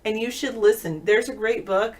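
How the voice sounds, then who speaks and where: A woman's voice: on the high side, normal speed, slight background noise. A woman co-hosting a casual talk show, giving playful dating advice and acting out quoted lines. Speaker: co-host.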